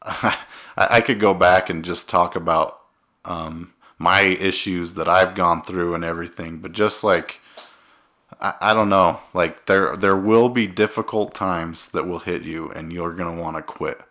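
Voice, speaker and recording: A deep-voiced man in his thirties, from Utah, co-hosting a casual podcast. He talks earnestly and with feeling, rambling and restarting as he goes. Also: fairly even intonation, measured pace, sharp tone. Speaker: podcast co-host.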